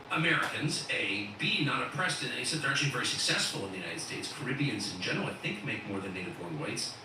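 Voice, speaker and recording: A middle-aged man hosting live commentary, talking in quick, emphatic, incredulous bursts. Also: mid-range voice, heavy reverb, distant mic, noisy background. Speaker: host.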